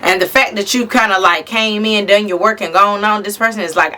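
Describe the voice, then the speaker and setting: Talking fairly quickly with hardly any pauses, this tarot reader does a casual reading straight to camera. Her voice is medium-pitched and sharp, and she's blunt and liberal with swearing.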